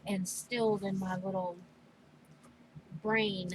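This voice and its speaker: A middle-aged mother chatting casually while crafting, slow and halting, speaking with emotion. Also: mid-range voice, little pitch movement, background noise. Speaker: crafting vlogger.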